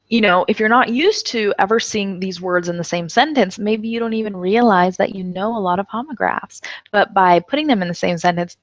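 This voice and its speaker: Woman english teacher, chatty, tired and numb-jawed, lowish voice, dry muffled sound. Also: no echo. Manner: chatty, laughs often, slow careful example sentences. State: tired, numb jaw from anesthesia. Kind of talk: casual online English lesson.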